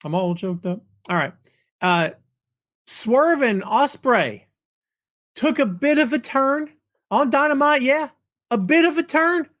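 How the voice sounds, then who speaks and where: A male show host with a noticeably high-pitched voice rambles through viewer comments in a live chat format. He uses folksy slang and chuckles often, and his delivery stays loose and animated. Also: takes it slowly, pauses often. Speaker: podcast host.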